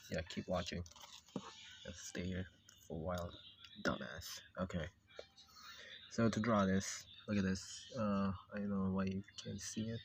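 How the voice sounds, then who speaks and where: Male creator, casual drawing commentary, unhurried, foul-mouthed, teasing and scolding his character. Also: fairly low pitch, a little hiss or hum. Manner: profane, mock-scolding, talks to his drawn character. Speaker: video creator drawing on screen.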